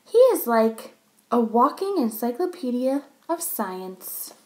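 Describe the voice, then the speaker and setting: A woman reads a children's story aloud and chats to young listeners between passages. Her pitch is fairly high and very lively. She reads at a slow, careful pace. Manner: chatty, pausing to explain to young listeners.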